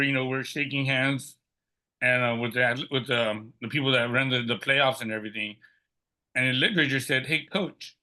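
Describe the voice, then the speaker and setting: Brief: middle-aged man, guest storyteller, bright and forceful tone, acts out what others said. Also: mid-range voice. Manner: lively, acts out quoted dialogue. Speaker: podcast guest. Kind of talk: personal storytelling.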